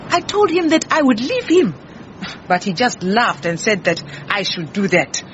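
A defensive, brusque head cook, slightly muffled radio-drama sound. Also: female voice, medium pitch, very animated, measured pace, a bit bright, slight background noise. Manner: brusque, indignant.

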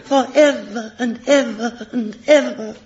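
An actress voicing a dewy-eyed romantic young lady in a radio comedy sketch, breathy and melodramatic. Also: a little high, measured pace, noisy background, natural voice. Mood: swooning. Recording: lo-fi old radio recording with faint audience.

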